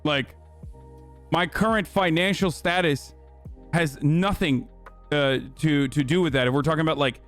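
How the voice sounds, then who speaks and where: A man's voice: on the high side, a little slow, fairly bright tone, faint music behind. A man hosting a livestream, giving heated, profane commentary with lots of fillers. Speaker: livestream host.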